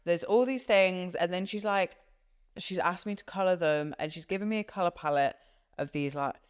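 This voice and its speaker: A woman's voice: lowish voice, moderate pace, clean tone. A woman co-hosting a podcast, telling a story in casual chat and acting out the people she quotes. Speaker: podcast co-host.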